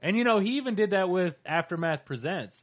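A man's voice: sits high, lively intonation, brisk. A man in casual podcast chat who rambles, searching for words with many fillers and restarts.

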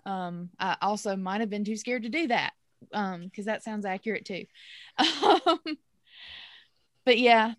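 A woman's voice: mid-range voice, expressive, measured pace, long pauses, no room sound, clean studio sound. A woman from Mississippi in casual chat, hesitant and self-deprecating.

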